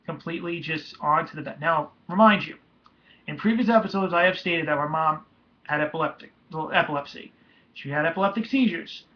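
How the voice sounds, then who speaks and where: A young man telling a painful personal story in a halting, emotional way, with many restarts. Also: on the high side. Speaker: vlogger. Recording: dull lo-fi home recording.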